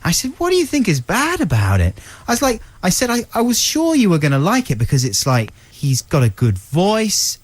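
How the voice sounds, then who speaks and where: A middle-aged man co-hosting a comedy radio show, playful and quick to laugh. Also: high-pitched, wildly swooping pitch, breathy edge. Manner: playful, laughs often, does impressions. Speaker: radio co-host. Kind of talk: comic radio banter.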